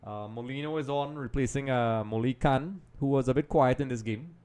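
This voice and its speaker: A man with a mid-pitched voice hosts a live football watch-along in a casual, chatty way, calling his viewers "folks." He stays distracted as he juggles tasks, and his commentary keeps trailing off into quieter mutters and restarts. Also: moderate pace, clear, resonant tone. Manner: distracted, multitasking while commenting.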